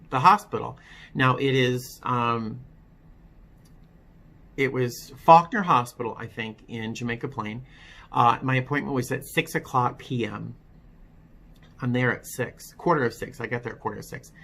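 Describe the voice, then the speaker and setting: A man with a bright, forward tone and an ordinary middle pitch tells his own story in a personal testimony vlog. He speaks candidly, with a wry edge, and often stops to restart his sentences. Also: steady tone. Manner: halting, with frequent restarts. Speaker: vlogger telling his recovery story.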